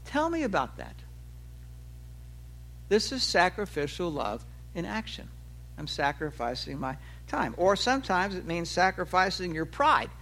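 A man in his sixties delivers a sermon in a high, ringing voice. He talks with animation, lifting his pitch for quoted lines and letting his phrases trail off low and quiet. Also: normal speed. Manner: animated preaching, voice rising for acted quotes and dropping low at phrase ends. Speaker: pastor.

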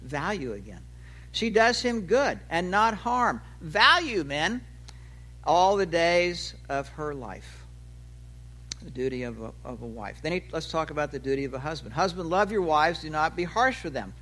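A man in his sixties preaching a sermon, his voice rising for quoted lines and dropping low at the ends of phrases. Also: lively intonation, moderate pace, pushed and bright. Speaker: pastor.

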